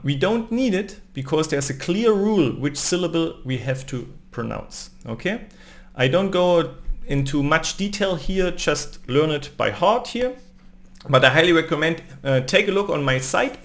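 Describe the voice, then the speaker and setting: A man teaching a language lesson, reading phrases slowly and repeating them, often adding a questioning "no?". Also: on the high side, fairly bright tone. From Germany. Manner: slow, repeated pronunciation drills with tag questions.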